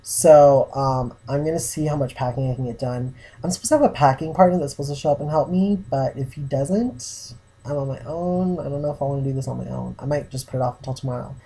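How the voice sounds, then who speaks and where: Husky, warm-voiced young man chatting away. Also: medium pitch, fast. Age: young adult. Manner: chatty storytelling with many "like" fillers. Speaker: vlogger. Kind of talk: casual chat to camera.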